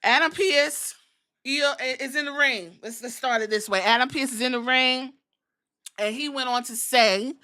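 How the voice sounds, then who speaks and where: A woman hosting a podcast, recapping a wrestling show in animated, profane, storytelling chat. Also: high voice, normal speed. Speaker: podcast host.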